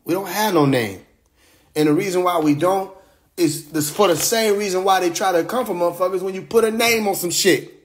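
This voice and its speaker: A man's voice: sits high, brisk. Streetwise man talking loosely on a live stream. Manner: loose, streetwise, profane, laughs often. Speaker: livestream host. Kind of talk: casual livestream monologue. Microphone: phone livestream.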